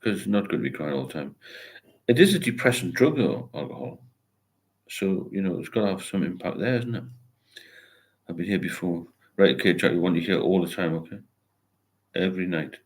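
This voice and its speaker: An older man hosting a sobriety livestream rambles through viewer comments, reading them out and responding with encouragement. He has a deep voice with lively intonation and a brisk pace.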